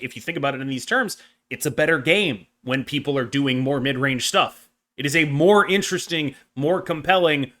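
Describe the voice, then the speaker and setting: Podcast host, male, bright forceful voice, quick animated delivery. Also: a little high. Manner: animated, fast rambling explanations. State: brief coughing fit. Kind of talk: casual card game chat.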